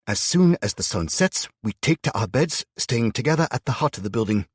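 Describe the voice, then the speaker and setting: A man doing a hushed frail old woman. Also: medium pitch, animated, a little fast, husky, no room sound, clean studio sound, voice pushed up. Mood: cautious.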